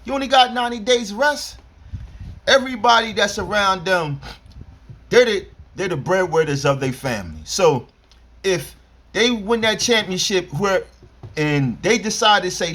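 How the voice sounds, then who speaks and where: A man's voice: high voice, normal speed. A man, ranting casually about basketball with slang and rambling asides, talking straight to his fans. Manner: animated, rambling, street slang. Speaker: sports commentator. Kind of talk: casual sports rant.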